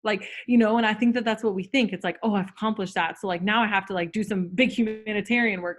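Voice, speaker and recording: A woman guest chats casually on a Zoom call, her speech packed with "like" and "um." She talks fast at medium pitch, barely pausing.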